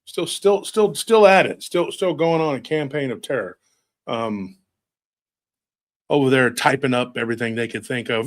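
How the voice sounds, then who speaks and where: A man's voice: mid-range voice, moderate pace. A man delivering a sardonic, rambling satirical monologue, muttering his asides.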